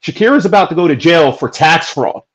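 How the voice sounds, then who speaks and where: A man from New Jersey talking earnestly and emphatically in a casual podcast chat, making his case with animated bursts. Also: fairly high pitch, fairly quick. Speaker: podcast guest. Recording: dull lo-fi audio.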